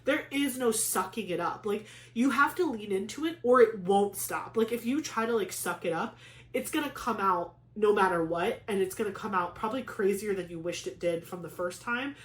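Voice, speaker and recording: A chatty young woman with a middle-pitched voice tells a long personal story in a relaxed, rambling way, full of "like" fillers. Her voice sits a little back in an echoey room. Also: moderate pace. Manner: chatty, many "like" fillers, animated retelling. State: pregnant. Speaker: craft vlogger. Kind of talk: casual storytelling chat.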